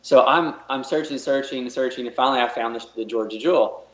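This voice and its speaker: A man's voice: mid-range voice, a little fast. Rambling man telling a story, echoey room. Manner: rambling, repeats words, uses lots of fillers. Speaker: podcast guest. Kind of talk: casual interview storytelling. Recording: roomy and dull, lo-fi.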